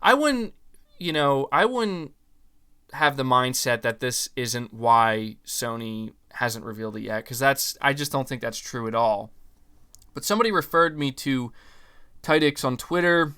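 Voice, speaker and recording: Bright, clear-voiced opinionated man. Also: mid-range voice, a little slow. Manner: animated, opinionated, many fillers and restarts. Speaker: podcast host. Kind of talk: casual podcast chat reading viewer comments.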